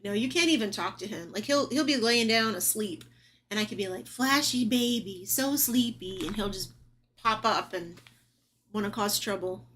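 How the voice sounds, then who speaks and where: A woman's voice: medium pitch, moderate pace, pushed and bright, slight background noise. A young woman chatting casually at home, sometimes cooing in baby talk to her cat. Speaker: vlogger. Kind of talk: casual home vlog chat.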